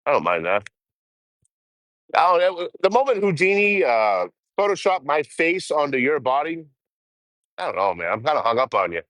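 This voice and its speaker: A young livestream host with a fairly high, slightly bright, very animated voice chats with viewers while traveling outdoors by train, speaking at normal speed with frequent pauses in a dry recording. He swears, laughs and keeps the casual chat going.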